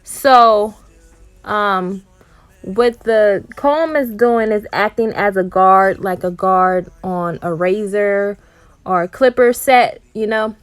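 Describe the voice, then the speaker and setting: A woman of middle pitch narrates a home haircut in a chatty, explanatory voice-over. She leans on casual fillers as she walks viewers through each step. Her voice sits close and dry, with no room around it. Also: takes it slowly, smooth, dry recording. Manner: chatty, explanatory, with frequent ums and likes. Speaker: mother and natural hair vlogger.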